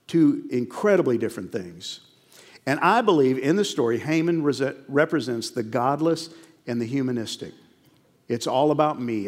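A male pastor preaching a sermon, earnest and emphatic, repeating key phrases and telling stories to make his point. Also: mid-range voice. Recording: long reverb of a large hall.

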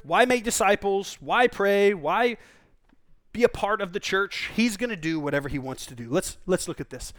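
Preaching in a notably high voice with a slight brightness, a pastor gives a sermon in a conversational style. He tells vivid stories and drops in brief asides along the way.

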